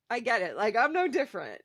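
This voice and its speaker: A woman's voice: fairly high pitch, no room sound. A woman hosting a casual spiritual conversation, rambling with hesitations and livening up when she quotes people. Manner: rambling and hesitant, many fillers, gets lively when quoting. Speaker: podcast host.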